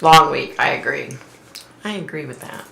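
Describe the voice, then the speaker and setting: A middle-aged woman hosting a casual live stream, giggling often and greeting viewers by name in high squeals. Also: moderate pace, creaky, pushed and bright. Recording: roomy echo with faint noise.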